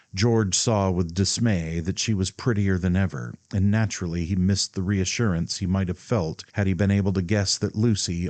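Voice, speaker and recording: A man narrating a classic novel as an audiobook reader, in a measured storytelling manner. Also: low-pitched, a little mellow, no echo. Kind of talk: scripted narration.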